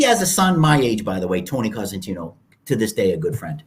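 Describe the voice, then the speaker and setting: A man in his sixties from Canada, a guest telling stories in an animated, casual way, often acting out other people's voices. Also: medium pitch, brisk, few pauses. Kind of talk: casual storytelling interview.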